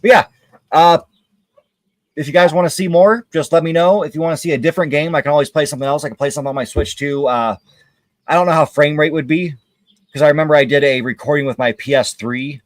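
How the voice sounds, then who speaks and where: Candid rambling man, slightly high voice. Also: quick pace, no echo. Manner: candid, rambling, many hesitations. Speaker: livestream gamer host. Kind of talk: casual chat while gaming.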